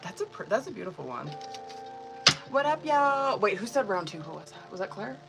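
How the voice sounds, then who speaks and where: A woman's voice: medium pitch, very animated, a little fast, vocal fry, a bit bright, soft background music, poor audio. A young woman, a tarot reader, chatting casually with her live-stream viewers, laughing often and swearing freely.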